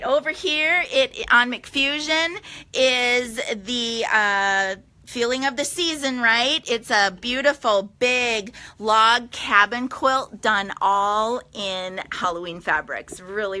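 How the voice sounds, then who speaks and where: A woman's voice: on the high side, pushed and bright. A middle-aged woman hosting a casual live stream from her quilting studio, chatty, upbeat and enthusiastic.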